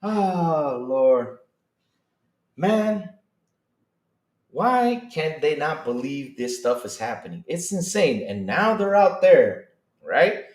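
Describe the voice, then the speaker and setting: Excitable man streaming to chat. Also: high-pitched, echoey room. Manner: excitable, mock-outraged, talks to chat. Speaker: streamer host. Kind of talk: casual live-stream reaction.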